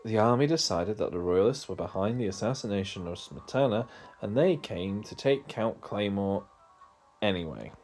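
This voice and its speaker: A man's voice: fairly low pitch, expressive, normal speed, darkish tone, faint music behind. A man voicing a worried male townsman who reports trouble in a retro video game. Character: anxious male townsman bringing bad news.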